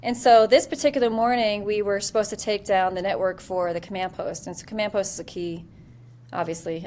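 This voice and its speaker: Animated woman telling a candid story. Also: lowish voice, a little hiss or hum. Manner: animated, self-deprecating, with many fillers. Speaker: interview guest, military leader.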